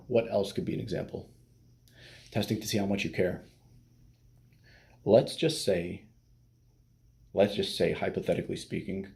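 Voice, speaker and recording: A man's voice: low voice, gravelly, mellow. A man giving casual dating advice as a coach, blunt and profane, with many fillers.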